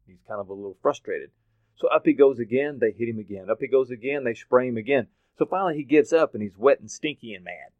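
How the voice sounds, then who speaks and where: A man from Oklahoma giving a motivational talk, telling stories with lively put-on voices and laughs. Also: medium pitch, fast talker, no room sound. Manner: animated storytelling, acts out voices and laughs. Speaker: motivational speaker. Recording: dry, phone-like narrow sound.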